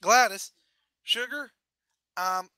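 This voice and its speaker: A man's voice: high voice, slow, pushed and bright, clean tone, no echo, pitched above the performer's own voice, exaggerated voice. A man voicing a kind, folksy farm pony mare who is choked up with tears. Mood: tearful.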